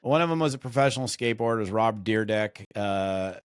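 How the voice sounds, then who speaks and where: A man's voice: lowish voice, a little fast, clear, resonant tone, no echo, studio quality. A middle-aged man from the United States, a network marketing trainer chatting as a podcast guest, rambling with fillers and restarts. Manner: rambling, animated storytelling with many fillers and restarts. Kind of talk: casual podcast chat.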